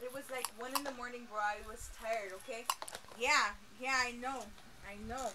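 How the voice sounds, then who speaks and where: A woman's voice: a little high, steady tone, moderate pace, noisy background. A woman chatting casually on a livestream, reading out chat, teasing and laughing a lot and swearing freely. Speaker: streamer's wife reading chat.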